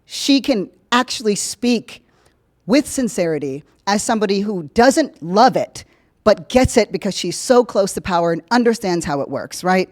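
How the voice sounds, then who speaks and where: Animated woman host of political commentary. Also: normal speed. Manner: animated, profane, jokey, swings between loud emphasis and low asides. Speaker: podcast host.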